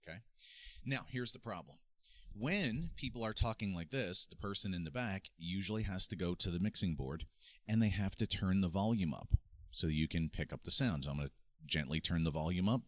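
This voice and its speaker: In a low, slightly bright voice with no room sound, a man demonstrates microphone technique for speakers. The instructional video is casual and goes step by step, filmed in his home studio with a mixing board as he swaps between handheld mics.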